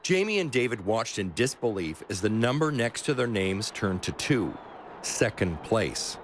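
Low voiced guy narrating a radio sports doc, lots of up and down in his voice, soft music behind. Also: sing-song, a little slow, slight background noise. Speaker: radio documentary host and narrator. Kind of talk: scripted documentary narration with interview questions.

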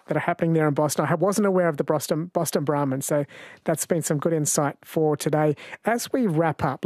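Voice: mid-range voice, a little mellow. An interview host with a mid-range voice asks curious follow-up questions and steers to the next topic. The recording is dry, with no room echo. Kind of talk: conversational interview.

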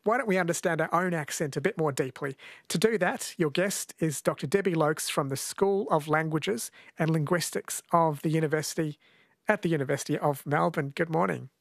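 A man from New Zealand hosts a radio talk show, speaking at a slightly raised pitch. He chats easily and tends to ask long, winding questions. The sound is very dry and close. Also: brisk, creaky, no echo. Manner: chatty, asks long rambling questions. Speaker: radio host.

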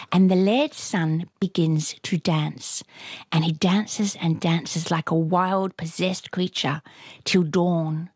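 A woman retelling a folktale aloud in a lively, rhythmic way, with a husky voice. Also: lowish voice, no room sound. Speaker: storyteller. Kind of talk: oral folktale telling.

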